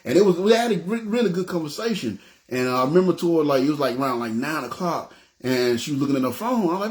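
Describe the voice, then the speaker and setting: A middle-aged man giving a casual testimony into his phone, animated and acting out the people in his story. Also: a little high, quick pace.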